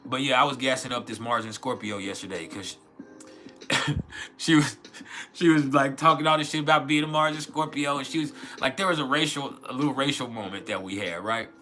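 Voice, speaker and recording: A man's voice: medium pitch, brisk, pushed and bright, soft background music. A man hosting an astrology livestream in a loose, rambling, profane way, full of fillers and restarts. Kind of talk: casual livestream chat.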